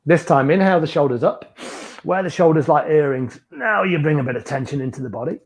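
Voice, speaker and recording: A fairly high-voiced man guides a beginners yoga class with soft, encouraging cues. He talks students through each stretch patiently, step by step. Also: animated, fairly quick. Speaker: yoga instructor.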